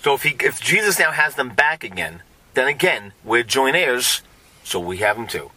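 A man co-hosting a casual Christian podcast, animated and jokey, laughing often. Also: mid-range voice, moderate pace. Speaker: podcast co-host.

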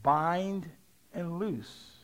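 A middle-aged man preaching a sermon, leading call-and-response and rising to shouts. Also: fairly high pitch, very slow. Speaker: pastor.

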